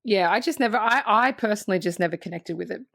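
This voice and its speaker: A woman co-hosting a podcast, recapping a film in casual, profane, animated chat. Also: medium pitch, fast, gravelly, dry recording, studio quality. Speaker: podcast co-host.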